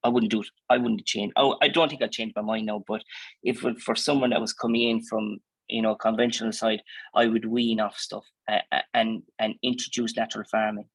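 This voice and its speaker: A man's voice: on the low side, level tone, a little fast, gravelly, slightly rough, no room sound, poor audio. A man with an Irish accent, a dairy farmer answering interview questions in a chatty, plainspoken way, full of fillers and restarts. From Ireland.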